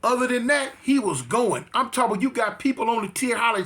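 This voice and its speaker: A man's voice: very high-pitched, animated, fast, hardly any pauses, a bit bright. A man casually telling a story, with streetwise slang, emphatic repeats and frequent restarts. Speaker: interview guest.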